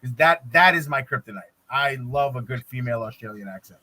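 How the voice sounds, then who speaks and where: A man's voice: mid-range voice, animated, brisk, sharp tone, a little hiss or hum. A man chatting as a guest on a stream, talkative and a bit apologetic about his swearing. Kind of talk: casual chat.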